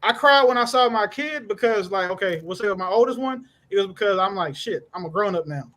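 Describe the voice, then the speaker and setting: A man's voice: sits high, lively intonation, fairly quick, crowd noise. A man in his thirties in a casual panel chat, laid-back, blunt and joking.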